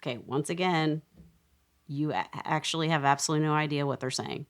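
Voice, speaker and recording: A woman's voice: low-pitched, fairly quick, background noise. A woman co-hosting a casual podcast, teasing and insistent as she argues over ghost-hunt recordings. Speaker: podcast co-host. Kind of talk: casual chat reviewing ghost-hunt audio.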